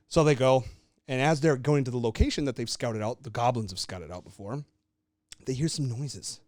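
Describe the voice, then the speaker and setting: A man's voice: medium pitch, moderate pace, a little mellow, dry recording. Young man, podcast co-host, casual storyteller, swears a lot, dry sound. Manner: loose, swearing, laughing storyteller. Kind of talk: casual chat, telling a made-up story.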